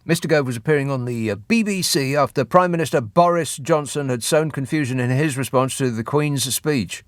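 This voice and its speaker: A radio phone-in host reads out news and mocks it with sardonic asides, speaking in a mid-range voice a little fast. Recorded on a studio microphone in a radio studio, the sound is studio quality with no echo.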